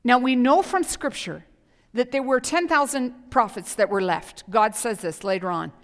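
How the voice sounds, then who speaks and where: Woman pastor, passionate sermon delivery with whispered asides, mid-pitched, church hall echo. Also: moderate pace. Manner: impassioned, swings from whispers to loud emphasis. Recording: hall reverb.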